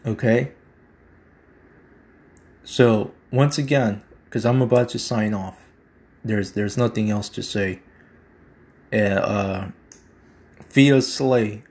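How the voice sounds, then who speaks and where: A man's voice: lowish voice, slow, pauses often, darkish tone. A man hosting his own show, delivering a slangy, emphatic conspiracy monologue and repeating his points. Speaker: podcast host.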